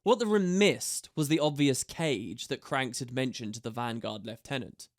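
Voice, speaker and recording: A man reading a fantasy audiobook aloud with steady, measured narration. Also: mid-range voice.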